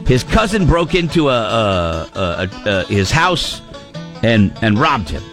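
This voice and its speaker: Brief: morning radio host, male, playful, very animated pitch, music bed behind. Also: unhurried. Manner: playful, joking, with many fillers and laughs. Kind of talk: casual chat.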